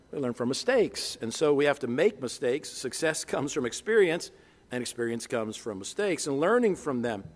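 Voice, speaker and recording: A man preaching a sermon as pastor, animated, leading the congregation to repeat phrases after him. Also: mid-range voice. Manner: animated preaching, leads congregation in call-and-response. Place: church sanctuary. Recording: long church reverb.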